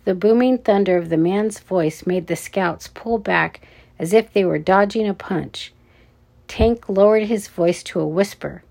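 Slow, measured woman narrator. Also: mid-range voice, creaky, darkish tone. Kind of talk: audiobook narration.

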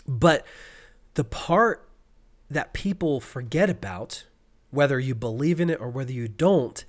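A man co-hosting a podcast, telling an animated story and acting out frustrated cursing. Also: mid-range voice, slow, long pauses. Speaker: podcast co-host. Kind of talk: casual podcast chat.

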